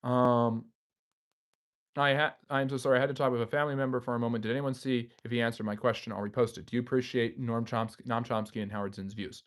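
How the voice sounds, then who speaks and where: A man's voice: medium pitch, level tone, rapid-fire, few pauses. Man hosting a casual live-stream Q&A. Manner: reads viewer comments aloud and answers off the cuff. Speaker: history channel host.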